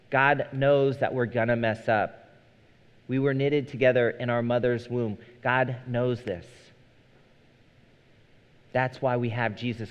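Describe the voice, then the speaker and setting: A man in his thirties, a pastor preaching a sermon in a conversational, storytelling way. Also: medium pitch. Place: church sanctuary. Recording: dull sound with long hall reverb.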